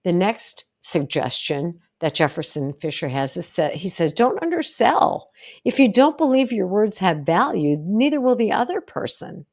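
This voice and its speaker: A woman's voice: medium pitch, sing-song, normal speed, darkish tone. A middle-aged woman psychologist talking on her own podcast from home in a direct, earnest way, acting out example phrases as she explains. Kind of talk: solo podcast coaching talk. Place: home, deer and fence outside.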